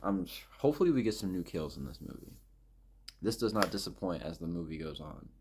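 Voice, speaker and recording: A man's voice: low voice, big pitch swings, fairly quick, vocal fry, background noise. A man ranting casually about a movie, profane and exasperated, rambling and jumping between points. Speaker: movie reviewer. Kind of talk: casual rant.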